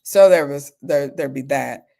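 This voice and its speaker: A woman's voice: very deep voice, a little slow, vocal fry, mellow. A middle-aged woman doctor, a guest in an interview, telling personal stories candidly and acting out the people she quotes.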